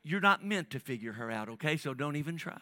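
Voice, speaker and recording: A man preaching as pastor talks fast, in a medium-pitched voice with lively intonation, keeping a conversational tone with the congregation. He dips to near whispers, builds to loud emphatic peaks, and keeps repeating and restarting his words, with no room sound audible.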